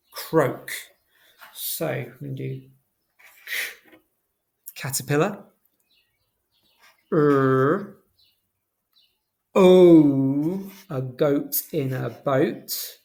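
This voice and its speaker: A primary school teacher, teaching a phonics lesson to young children and slowly sounding out words letter by letter. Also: medium pitch, creaky, darkish tone.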